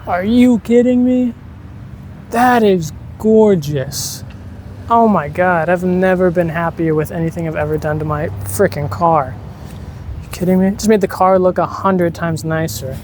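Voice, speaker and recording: A car owner talking casually through a DIY vlog beside their car outdoors, gushing and exclaiming with drawn-out words. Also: medium pitch, steady tone, a little mellow, slight background noise.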